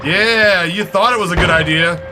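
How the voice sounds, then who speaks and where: Male streamer, slightly high voice, wry and foul-mouthed, game music loud behind him. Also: moderate pace. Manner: wry, profane running commentary, sudden high yelps. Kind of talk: casual gameplay commentary.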